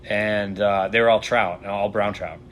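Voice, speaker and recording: A man tells a long fishing story at a relaxed pace, full of fillers and side turns. His voice sits fairly low but sounds bright and forward. Faint noise hums underneath. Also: measured pace. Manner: rambling and lively, with many "like" fillers. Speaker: fly fishing guide and shop owner. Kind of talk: casual storytelling in a podcast interview.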